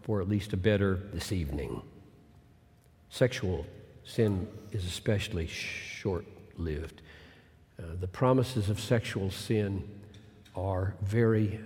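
A male pastor preaching a sermon, moving from booming, drawn-out emphasis to hushed, near-whispered lines. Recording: long hall reverb.

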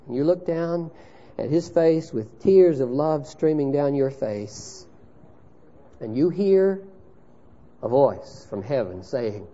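A man preaching a sermon with passion, his voice swinging from loud declarations to hushed storytelling. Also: a little high, animated, measured pace. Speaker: pastor. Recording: dull lo-fi sermon recording.

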